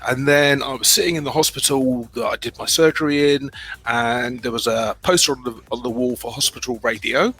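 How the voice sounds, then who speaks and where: A man's voice: mid-range voice, fairly quick, fairly bright tone, slightly rough, poor audio. A middle-aged man with a British accent, telling his own story as a guest in a candid, self-deprecating way, often restarting his sentences.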